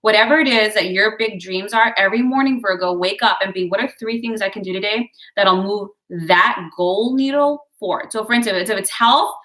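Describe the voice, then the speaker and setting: A woman reads tarot for her viewers in a loose, conversational way. Her voice is bright and crisp, and she keeps cheering them on, calling them guys and drifting into little asides. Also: mid-range voice, a little fast, few pauses. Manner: chatty, digressive, encouraging, addresses viewers as guys. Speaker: tarot and astrology reader. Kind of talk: casual horoscope reading to camera.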